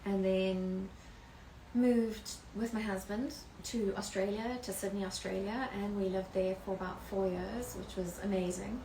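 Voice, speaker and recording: Gravelly South African woman guest. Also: mid-range voice, steady tone, measured pace, dark tone, a little hiss or hum. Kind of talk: casual interview chat. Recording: echoey room.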